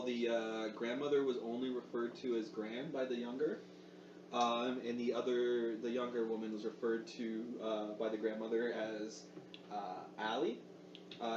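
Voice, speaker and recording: A man's voice: medium pitch, level tone, moderate pace. A man running a tabletop game as game master, narrating with many hesitations and fillers. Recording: echoey room, far mic, dull sound, noise.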